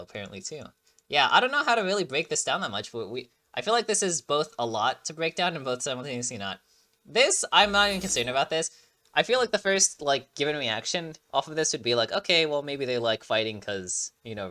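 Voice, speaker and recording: A man casually chatting through a game trailer reaction, excitable and rambling with lots of fillers and restarts, sounding like he just woke up. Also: fairly high pitch, a little fast.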